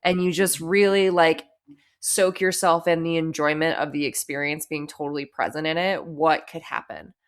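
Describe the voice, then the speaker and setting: A woman's voice: low-pitched, fairly even intonation, moderate pace. A woman in her thirties hosting a podcast, asking long reflective questions with lots of filler likes. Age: 30s. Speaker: podcast host. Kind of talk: casual interview chat.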